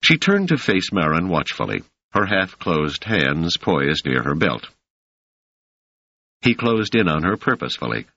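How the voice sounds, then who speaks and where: A man narrating an audiobook in a measured, steady storytelling manner. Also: deep voice, breathy edge, dry recording. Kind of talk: scripted narration. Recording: dry, slightly muffled lo-fi audio.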